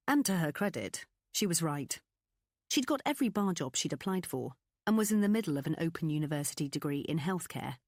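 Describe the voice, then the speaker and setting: A woman narrates a first-person novel in a confiding, expressive way. Her voice sits on the low side but moves up and down freely. The recording is close and dry, with no room sound. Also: no echo. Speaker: audiobook narrator. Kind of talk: scripted audiobook narration.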